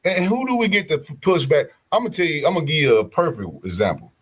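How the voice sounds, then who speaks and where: A man telling stories in casual podcast chat, animated, slangy and profane. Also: on the high side, quick pace, slightly rough.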